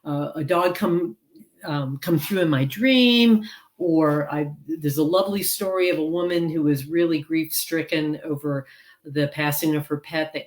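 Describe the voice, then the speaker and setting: A woman author and counselor speaking as an interview guest over a video call, earnest and rambling with many fillers. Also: low voice. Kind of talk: casual interview chat.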